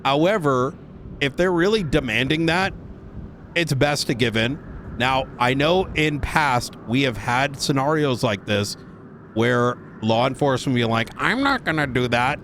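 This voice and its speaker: A man's voice: medium pitch, a little slow. Chill guy teaching cop trainees in a roleplay, lots of ums, noisy background. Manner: casual, relaxed, filler-heavy. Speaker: police academy instructor in a roleplay game. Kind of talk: briefing trainees in a game roleplay.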